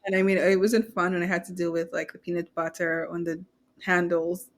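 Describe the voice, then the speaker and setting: A woman's voice: lowish voice, little pitch movement, a little fast. A young woman co-hosting a podcast, telling stories in a chatty way and laughing often. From Kenya or Zambia. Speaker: podcast co-host. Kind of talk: casual chat.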